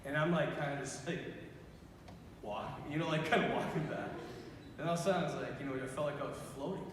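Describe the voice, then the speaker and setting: A priest in his thirties telling a story to young people, animated, laughing and acting out what people said. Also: a little high, quick pace, noisy background. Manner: animated, acts out quotes, laughs often. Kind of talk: youth retreat talk, storytelling. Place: large hall. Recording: echoey hall from far off.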